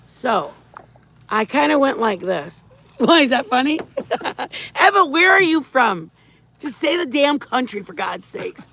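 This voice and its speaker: A woman's voice: a little high, vocal fry, fairly bright tone. A middle-aged woman hosting a casual livestream, rambling through a story and greeting viewers by name. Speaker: livestream host.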